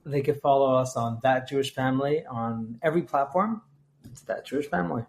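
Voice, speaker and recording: A man talking as a guest on a podcast, relaxed and eager as he lists places he wants to go. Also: medium pitch, fairly quick. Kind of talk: casual podcast interview.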